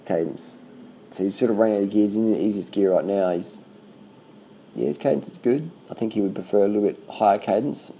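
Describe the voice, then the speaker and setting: A man casually commenting on bike race footage as a vlogger, swearing freely and talking in loose animated bursts. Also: lowish voice, fairly quick, gravelly, slight background noise, rough recording.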